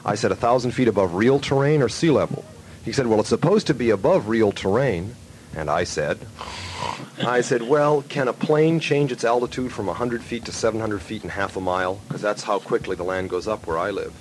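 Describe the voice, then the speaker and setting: A man's voice: fairly low pitch, brisk, a little hiss or hum. A man hosting a radio show, telling a long story in loose studio chat and acting out a phone call. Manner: rambling, animated storyteller who acts out phone calls.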